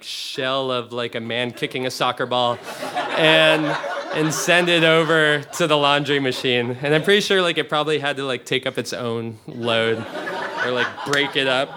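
Young man, live comic storytelling, rambling, laughing, loud crowd laughing. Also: medium pitch, measured pace. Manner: rambling, self-interrupting, laughing often. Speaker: storyteller on stage. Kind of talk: comedic personal storytelling before a live audience. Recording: live audience laughter behind. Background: audience laughing.

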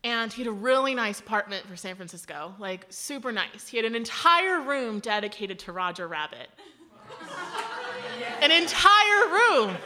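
A woman in her thirties telling a casual story, animated, laughing often and saying "like" a lot. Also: mid-range voice, a little slow. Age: 30s.

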